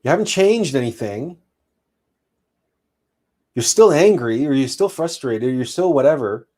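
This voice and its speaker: A man's voice: medium pitch, animated, measured pace, dark tone. A man hosting a spiritual relationship talk, earnest and emphatic, often repeating and restarting his phrases. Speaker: host.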